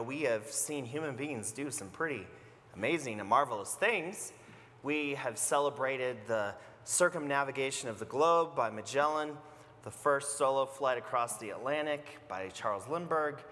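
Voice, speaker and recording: A man preaching a sermon as pastor, retelling a story in a conversational, animated way. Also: mid-range voice, big-room sound.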